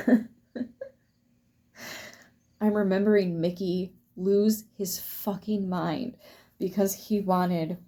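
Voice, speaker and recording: Woman, tarot reader, casual chat, lowish voice, frequent laughs, swears. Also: mellow. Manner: chatty, laughs often, swears freely. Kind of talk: casual tarot reading to viewers.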